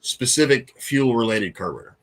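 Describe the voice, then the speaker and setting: A middle-aged man talks on a casual live show, cracking jokes and swearing freely. His pitch jumps around a lot as he talks, and he laughs often. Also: very animated, a little fast, fairly bright tone. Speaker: co-host.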